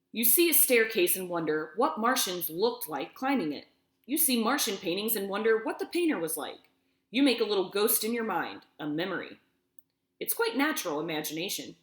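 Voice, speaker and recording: A woman teacher reading a story aloud and explaining it step by step, often checking in with "okay?". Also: fairly low pitch. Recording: echoey room.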